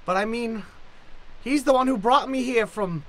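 A woman's voice: on the high side, normal speed, fairly bright tone, close to an everyday voice. A woman playing a plain-spoken longtime maid in an improvised old-time radio play, using countrified grammar. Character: folksy longtime female maid of a manor.

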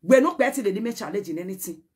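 A woman's voice: mid-range voice, lively intonation, quick pace, a little mellow, breathy edge. A Nigerian woman speaking to the camera in a heated message, scolding and pleading by turns and moving between Pidgin and a local language. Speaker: social media personality.

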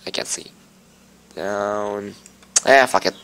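A man's voice: mid-range voice, lively intonation, unhurried, fairly bright tone. A young man hosting a game playthrough, rambling and swearing as he fiddles with his setup. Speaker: lets-play host. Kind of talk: casual game commentary.

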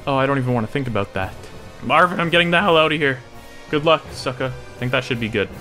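A young man giving live gameplay commentary, swinging between low mutters and panicked yelps and shouts. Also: fast, soft background music. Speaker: gaming YouTuber.

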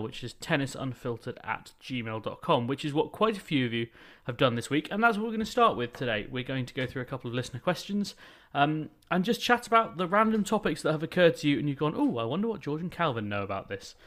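A man's voice: mid-range voice, a bit bright. A man hosting a casual podcast, chatty and self-deprecating, laughing easily. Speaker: podcast host.

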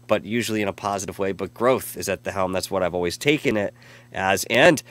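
A man's voice: deep voice, fairly quick, fairly bright tone. A man hosting a casual live stream, rambling and effusive as he reads out chat messages and thanks viewers. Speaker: live show host.

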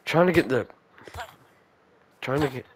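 A young man giving casual let's play commentary, chatting to the game's characters and breaking into excited shouts. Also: mid-range voice, unhurried, a little hiss or hum. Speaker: gamer.

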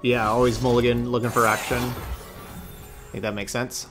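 A male streamer talks through his card game in a loose, chatty way, thinking out loud and catching his own slips. His voice sits at an ordinary middle pitch, with faint music underneath. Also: little pitch movement, moderate pace. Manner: chatty, thinks aloud, self-correcting. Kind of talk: casual gameplay commentary.

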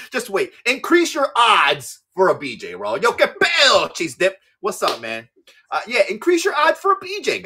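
Lively, bright-voiced joking man. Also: high voice, slightly rough. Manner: crude joking banter, laughs often; repeats words, talks in bursts. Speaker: livestream seller host. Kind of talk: casual livestream chat.

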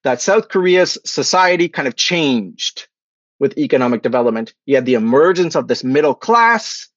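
A man's voice: mid-range voice, lively intonation, normal speed, no echo. A man giving an academic lecture over a video call, checking in with "okay?" and "right?" after each point. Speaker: guest lecturer. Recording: dry, dull lo-fi call audio.

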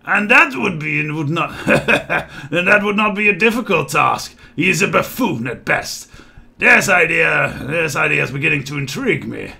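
A man's voice: on the high side, lively intonation, moderate pace, vocal fry, sharp tone, exaggerated voice. A man voicing a noble, brooding male half-orc rebel leader in a video game, speaking in a formal, old-fashioned way. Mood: scornful.

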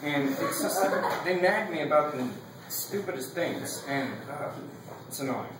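A young man rambling through a casual class speech, leaning on "like" and laughing between his points. His voice sits a little high. The sound is echoey and distant, picked up from across a classroom with clear background noise. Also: animated, measured pace. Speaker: student giving a speech.

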